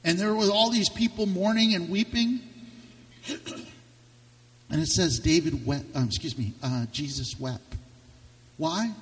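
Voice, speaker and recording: A man preaching a sermon with passion, his voice swinging from loud to hushed. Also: sits high. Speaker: pastor. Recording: reverberant hall, distant mic.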